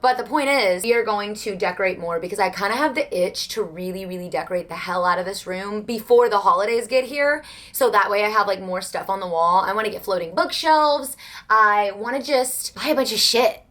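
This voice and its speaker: A woman's voice: medium pitch, fairly bright tone. A young woman with a Southern US accent, chatting casually and rambling at home as a book vlogger, gushing and self-deprecating.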